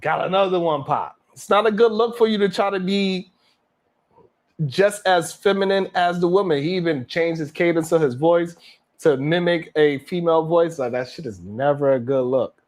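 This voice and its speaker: A man's voice: fairly high pitch, moderate pace. Blunt slangy man hosting a stream. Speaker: live stream host. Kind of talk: casual reaction commentary.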